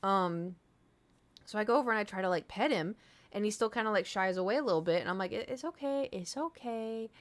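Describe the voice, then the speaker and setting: This woman streamer speaks a little fast at a medium pitch, chatting casually to her viewers. She spins a long, rambling tale full of fillers, swearing bluntly as she goes.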